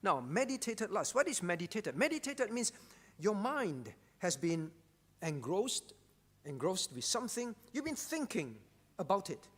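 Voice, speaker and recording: High-voiced pastor preaching in a reverberant hall. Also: male voice, big pitch swings, measured pace, breathy edge. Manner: emphatic, repeats key phrases, frequent rhetorical "all right?". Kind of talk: sermon. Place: church.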